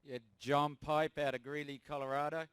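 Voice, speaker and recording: A man's voice: a little high, little pitch movement, moderate pace, fairly bright tone, clear, resonant tone, dry recording. A man from New Zealand, a race car driver, introducing himself plainly. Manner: plain, matter-of-fact self-introduction.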